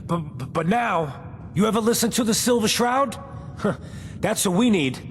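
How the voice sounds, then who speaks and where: An actor playing an excitable male ghoul who is a comic-book fan, talking eagerly in game dialogue. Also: high voice. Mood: weary. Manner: eager, excitable, quick to gush. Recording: game audio with long reverb, faint hiss.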